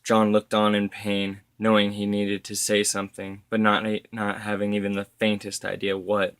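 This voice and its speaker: Low-voiced man reading a story. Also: moderate pace, clean tone, no echo. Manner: steady, occasional stumbles and self-corrections.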